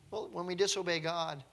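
A man's voice: sits high, gravelly, fairly bright tone, a little hiss or hum. A man preaching a sermon in a conversational, emphatic way, with light chuckles now and then.

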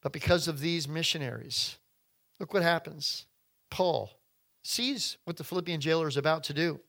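Impassioned, bright-voiced male preacher. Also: on the high side, moderate pace, creaky. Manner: impassioned, swinging from hushed to loud; addresses listeners as folks and friends. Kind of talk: sermon.

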